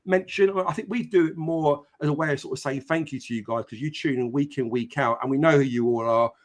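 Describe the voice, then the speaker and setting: A man's voice: a little high, fast. Chatty man hosting a live stream. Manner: chatty, many fillers, greets viewers by name. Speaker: podcast host. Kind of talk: casual live-stream chat.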